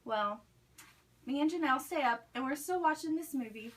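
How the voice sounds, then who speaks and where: A young woman with a high voice tells a story, chatty and loose, dropping "like" into nearly every sentence. She sounds set back from the microphone, as if recorded from across a room. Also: expressive, moderate pace. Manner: chatty, many "like" fillers. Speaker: student speaker. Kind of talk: storytelling speech. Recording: recorded from a distance.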